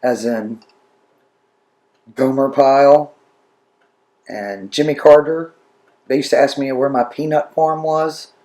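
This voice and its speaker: A man with a North Carolina accent telling stories in a relaxed, plain-spoken way. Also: medium pitch, takes it slowly, pauses often, reverberant. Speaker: interviewee. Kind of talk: storytelling.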